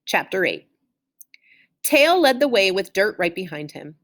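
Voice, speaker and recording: A woman reading a children's chapter book aloud in an expressive, animated way. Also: medium pitch, a little slow. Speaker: reader.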